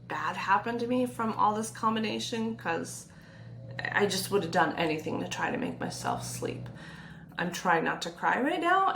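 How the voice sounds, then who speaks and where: A young adult woman, a nurse, giving gentle, reassuring sleep advice and speaking openly about her own past struggles. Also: mid-range voice, slight background noise. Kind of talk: personal advice talk to camera.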